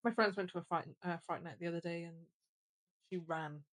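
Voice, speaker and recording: A woman's voice: on the low side, brisk, a bit bright, no room sound. A woman co-hosting a casual podcast who teases the others with probing questions. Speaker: podcast co-host. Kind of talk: casual chat.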